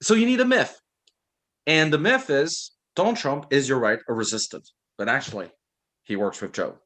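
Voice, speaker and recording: A man co-hosting an online book discussion over a video call, telling stories in an animated way and laughing often. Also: mid-range voice, normal speed. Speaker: book club co-host.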